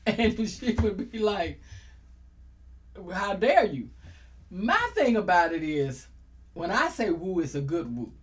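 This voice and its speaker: A middle-aged woman hosts a casual talk show. She is exuberant and playful, and her pitch swings up and down as she jokes. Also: big pitch swings, measured pace. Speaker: host.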